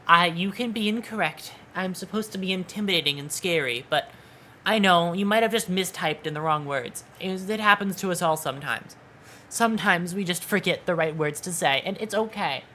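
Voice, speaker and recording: Quiet, bright-voiced woman streamer, playful and halting, faint hiss behind. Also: fairly low pitch, lively intonation. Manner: soft-spoken, quiet, never raises voice. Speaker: VTuber streamer. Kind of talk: casual livestream chat. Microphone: desk microphone.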